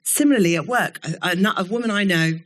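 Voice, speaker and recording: A middle-aged woman giving a keynote talk to a live audience, telling stories in a candid, animated way and swearing now and then. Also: medium pitch, fairly quick. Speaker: keynote speaker. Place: event studio before an audience.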